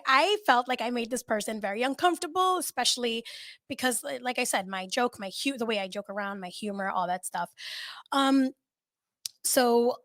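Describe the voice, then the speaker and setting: A woman's voice: a little high, no room sound. A woman hosting a podcast, telling a story in casual chat with lots of swearing and laughter. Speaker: podcast host.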